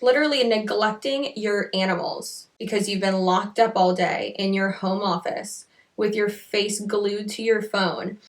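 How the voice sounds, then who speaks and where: A woman's voice: medium pitch, steady tone, a little slow, recorded from a distance. A young woman giving blunt, casual commentary, often swearing as she talks. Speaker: anti-MLM commentator.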